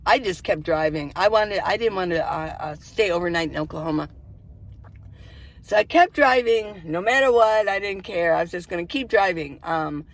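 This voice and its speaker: A middle-aged woman vlogger holds a camera in her hand as she shows the inside of her minivan, chatting and rambling casually and laughing often. Her voice is mid-range, with slight background noise.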